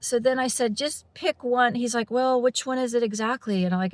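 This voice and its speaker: A woman's voice: on the high side, fairly quick, no room sound. A woman telling a personal story to her camera in a casual, rambling way, with lots of fillers and restarts and frequent small laughs. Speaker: paranormal channel host.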